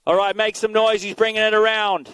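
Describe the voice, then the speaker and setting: Man, race announcer, rapid play-by-play, high voice, dry close sound. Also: clean tone, no room sound. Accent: Canadian. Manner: rapid, energetic play-by-play calling riders and bike numbers. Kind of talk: live BMX race commentary. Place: outdoor BMX track.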